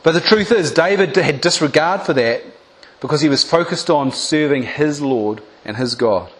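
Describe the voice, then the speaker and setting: A man delivers a sermon in a fairly high voice. He retells scripture with dramatic flair, voicing its characters before turning to speak plainly and urgently to his listeners. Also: normal speed. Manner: animated storytelling, acting out biblical voices. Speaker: preacher.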